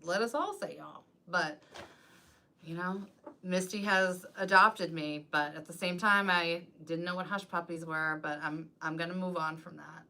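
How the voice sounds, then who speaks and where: Chatty woman with a bright, forceful voice. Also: lowish voice, fairly even intonation, unhurried. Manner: rambling and chatty, full of "like". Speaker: wreath designer and business coach. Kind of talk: casual live-stream chat.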